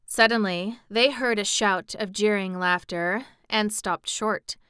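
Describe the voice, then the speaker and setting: Storybook narrator: woman, bright and crisp tone, dry close sound. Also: mid-range voice, dry recording. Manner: measured storytelling, lifts voice for quoted speech. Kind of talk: audiobook narration.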